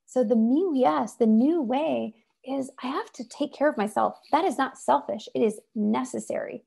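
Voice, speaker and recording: A woman giving an inspirational talk over a video call, animated and emphatic. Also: high-pitched, moderate pace, vocal fry, husky. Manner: animated and emphatic, acts out voices. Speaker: presenter.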